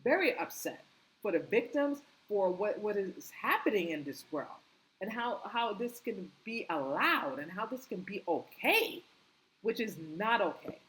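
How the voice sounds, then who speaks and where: A woman delivering an impassioned opinion monologue, indignant and repetitive, firing rhetorical questions and climbing in pitch when angry. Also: very animated, a little slow, fairly bright tone, rough recording. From United States. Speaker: political commentary vlogger.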